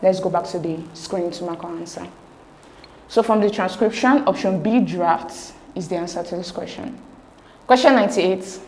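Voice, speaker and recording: A woman's voice: fairly low pitch, normal speed, darkish tone, a little hiss or hum. A woman, working through exam questions as a tutor in a methodical, step-by-step way. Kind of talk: explaining exam answers.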